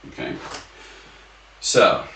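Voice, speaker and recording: Man, taiko drumming teacher, encouraging, counts out loud, echoey room, mic a bit far off. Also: very slow. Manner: encouraging, counts beats aloud with shouts. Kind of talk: online group music lesson. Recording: echoey room, slightly distant mic, drums behind. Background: taiko drums.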